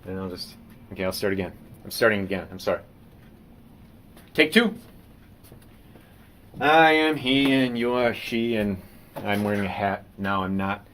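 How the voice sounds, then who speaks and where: A man, a painter, rambling on a live stream and reading his artist statement aloud, swinging from muttering to loud theatrical outbursts. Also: fairly low pitch, unhurried, long pauses.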